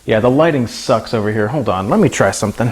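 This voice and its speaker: A man's voice: lowish voice, animated, fast talker, a little mellow, a little hiss or hum. A man hosting a casual cooking livestream in his home kitchen, chatting goofily with viewers and his pets as he cooks. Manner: goofy, talks to chat and his pets while cooking. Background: food sizzling in a pan.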